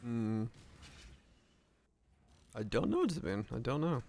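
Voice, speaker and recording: A man's voice: mid-range voice, expressive, slow pace, a little mellow. A man streaming a video game, muttering and swearing casually as he plays. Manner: swears freely, mutters to himself. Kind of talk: casual gameplay commentary.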